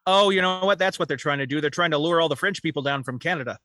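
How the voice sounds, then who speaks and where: A man co-hosting a podcast in casual chat, making quick dry jokes. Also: on the high side, pushed and bright, no room sound. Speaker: podcast co-host.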